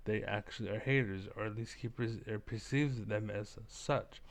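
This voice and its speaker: A man's voice: on the low side, moderate pace, gravelly. A man giving rambling, profane commentary as a vlogger reacting to clips, full of fillers. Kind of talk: casual ranting commentary.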